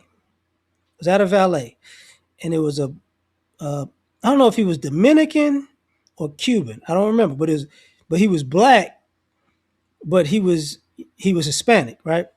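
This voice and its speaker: High-voiced man rambling social commentary. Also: darkish tone. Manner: rambling, loose, slangy, with many restarts; acts out other people's voices in quotes. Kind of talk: casual social commentary monologue.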